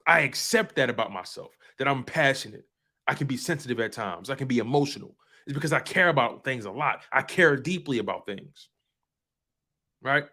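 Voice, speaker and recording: A man's voice: medium pitch, lively intonation, a little fast, pushed and bright. A man hosting a fan sports talk show, speaking passionately and emphatically and repeating phrases for effect. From US East Coast.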